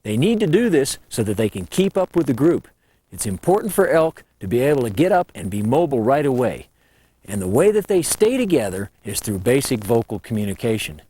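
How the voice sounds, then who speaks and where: Lively man teaching elk calls. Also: medium pitch, fairly quick, breathy edge. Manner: lively and folksy, sings out call demonstrations. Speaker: elk calling instructor. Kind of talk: instructional talk.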